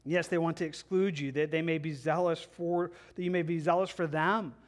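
A male pastor preaching in an earnest, pleading way, his voice sitting fairly high for a man. He often stumbles and restarts as he paraphrases scripture, and he keeps a steady sermon delivery throughout. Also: normal speed.

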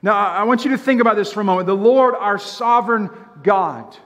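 High-voiced preacher in an echoing church. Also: male voice, animated, fairly bright tone. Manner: emphatic preaching with slow drawn-out lines; asks the congregation rhetorical questions. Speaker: pastor. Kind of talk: sermon. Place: church sanctuary. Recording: long church hall reverb.

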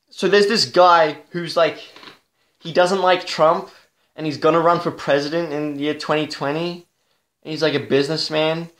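Young male vlogger, fairly high voice, profane and exasperated, roomy echo. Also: a bit bright. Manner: profane, exasperated, halting with restarts. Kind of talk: ranting TV review. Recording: echoey room.

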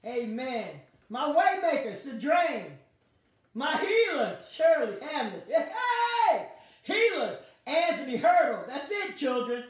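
A woman's voice: sits high, big pitch swings, slow pace. A woman pastor, leading an online Bible study with call-and-response, exuberant and laughing as she calls out viewers by name. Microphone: device streaming to viewers online. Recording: very echoey, heard from a distance.

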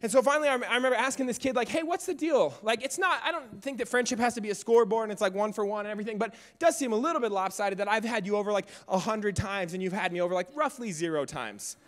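Brief: energetic male keynote speaker, 30s, quick high voice, story-driven and jokey at his own expense. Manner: energetic, animated, self-mocking humor. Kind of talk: motivational storytelling speech. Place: stage at a youth event.

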